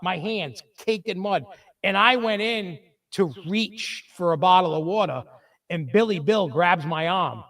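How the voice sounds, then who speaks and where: A man's voice: a little slow, distant mic. A man hosting a podcast, telling stories in casual chat and acting out the people he quotes. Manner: animated storyteller, acts out quotes in a lower voice. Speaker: podcast host.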